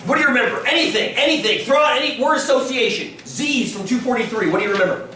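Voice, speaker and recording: A man with an extremely high-pitched voice talks fast while teaching a statistics class, lecturing and quizzing his students often in a lively way. The recording was made from a distance in an echoey classroom.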